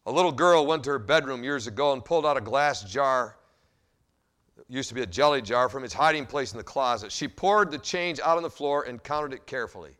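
A male pastor preaching a sermon and telling a story in an animated way, with wide swings in loudness. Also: medium pitch.

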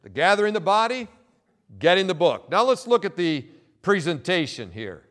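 A male pastor preaching a sermon, emphatic and insistent, repeating key phrases and pausing for effect. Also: sits high, sing-song, fairly bright tone.

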